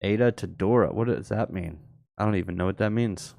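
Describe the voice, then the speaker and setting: A man with a brisk, creaky, low-leaning voice that's a little mellow hosts a live crypto market stream. He talks casually through the charts and replies to chat viewers, with clean studio sound and no echo.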